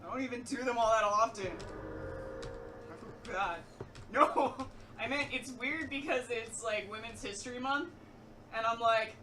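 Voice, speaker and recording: A woman's voice: on the high side, unhurried, recorded from a distance. A woman chatting casually with the streamer in his room during a game stream, swearing freely and laughing often. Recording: off-mic with background noise.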